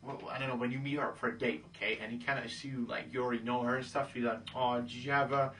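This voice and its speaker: A man's voice: mid-range voice, flat delivery, very fast, fairly bright tone, far from the mic, slight background noise. A man giving casual dating advice who keeps checking in with "okay?". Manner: breezy, acts out pickup lines in quoted voices, says "okay?" a lot. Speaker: dating coach. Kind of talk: casual instructional talk.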